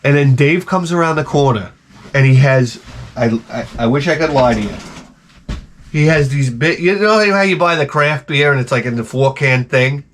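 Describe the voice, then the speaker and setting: A man's voice: medium pitch, moderate pace, a little hiss or hum. Guy ranting to camera, swears a lot, rambling stories, plain middle voice. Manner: profane, animated storytelling, acts out people he quotes. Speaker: video creator. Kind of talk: casual rambling monologue.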